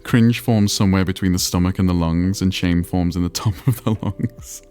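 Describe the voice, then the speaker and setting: A man's voice: low-pitched, fairly even intonation, normal speed, darkish tone, faint music behind. A man livestreaming, chatting casually and self-deprecatingly with his viewers as he plays a geography game. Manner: rambling, self-deprecating, answering chat messages.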